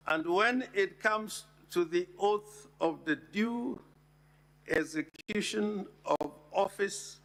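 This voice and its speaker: Slow, deliberate man, gravelly. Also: high voice, fairly bright tone. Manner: slow, deliberate, emphatic, with pauses and repeated words. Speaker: lawyer addressing the Senate. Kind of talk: formal legal argument. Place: legislative chamber.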